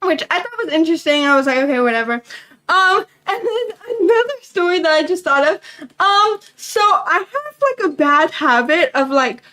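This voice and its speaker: Breathless, high-voiced young woman rambling. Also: poor audio. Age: young adult. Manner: rambling, fast and loud, breathless. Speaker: vlogger. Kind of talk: casual storytime chat.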